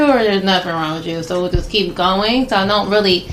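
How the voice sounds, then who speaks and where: A woman's voice: medium pitch, a little fast, fairly bright tone, slight background noise, low-quality recording. Hesitant woman thinking aloud. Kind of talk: casual chat.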